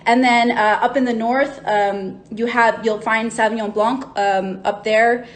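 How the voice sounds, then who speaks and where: A woman's voice: fairly high pitch, fairly even intonation, a little slow. A woman hosting a live wine tasting on a phone stream. She chats casually and cheerfully, greeting viewers as they join. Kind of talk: casual livestream chat. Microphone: phone livestream mic.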